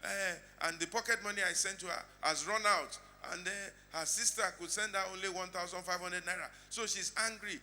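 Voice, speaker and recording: A middle-aged Nigerian man preaching a sermon as pastor, dropping to quiet asides and then shouting lines out. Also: slight background noise. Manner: animated preaching, swinging between low asides and shouted lines.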